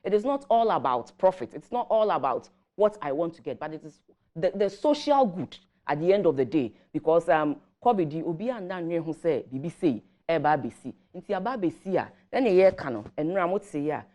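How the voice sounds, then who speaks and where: Ghanaian woman, lowish voice, measured policy explainer on a morning show, switches Twi and English. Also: very animated, warm tone. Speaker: government guest commentator.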